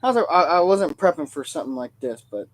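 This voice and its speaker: A man's voice: a little high, big pitch swings, fast talker. Joking rambling man on a livestream. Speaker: livestream host and Civil War reenactor. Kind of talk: casual livestream chat.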